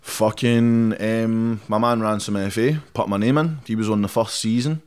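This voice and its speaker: A young Scottish man with a fairly low voice talks bluntly through a casual interview. He swears freely and drops "mate" into almost every sentence. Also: fairly even intonation, normal speed, darkish tone, clear, resonant tone. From Scotland. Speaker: rapper guest.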